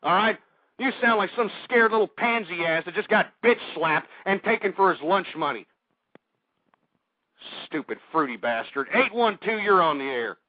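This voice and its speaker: A high-voiced man rants angrily as a call-in radio host, snapping and insulting whoever phones in. The sound is dry and thin, squeezed down like an old phone line. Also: lively intonation, normal speed, no echo. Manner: abrasive, insulting, shouting at callers. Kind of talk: aggressive talk radio rant. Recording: dry, tinny phone-like audio.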